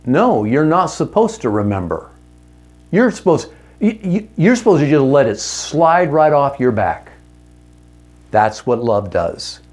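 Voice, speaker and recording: A very animated man, his voice on the high side and darkish, speaks at a moderate pace over soft background music. Teaching a marriage seminar for men, he's frank and chatty, asking rhetorical questions and self-correcting mid-sentence.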